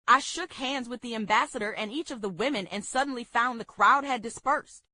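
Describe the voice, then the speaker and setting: Woman, steady memoir reading, bright tone, dry close sound, slightly high voice. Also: fairly quick, few pauses, no room sound. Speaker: book club reader.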